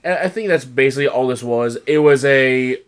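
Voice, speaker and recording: A man in casual recap chat, talking through wrestling segments with energy. His voice sits at an average pitch, and he keeps breaking into quick impressions of the wrestlers he describes. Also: smooth. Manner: animated, mimics wrestlers in quick put-on voices. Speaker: podcast co-host.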